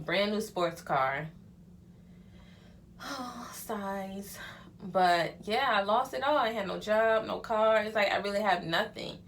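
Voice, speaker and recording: In a casual get-ready-with-me video, a young hairstylist and vlogger shares her life story in a frank, chatty way, using words like "honey" and "child." She speaks on the low side with a fairly bright tone over a slight hiss or hum.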